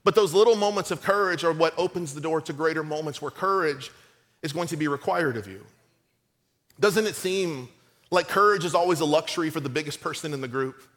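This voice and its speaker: Man, middle-aged, pastor, high-pitched, has a cold, storytelling sermon. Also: big-room sound. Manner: storytelling, animated and conversational, acts out quotes.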